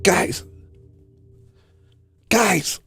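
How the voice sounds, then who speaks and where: A man's voice: drawn-out words, soft background music. A man hosting a livestream, rambling through a self-mocking comic monologue with theatrical outbursts. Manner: self-mocking, theatrical, bursts into sudden yells. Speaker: livestream host.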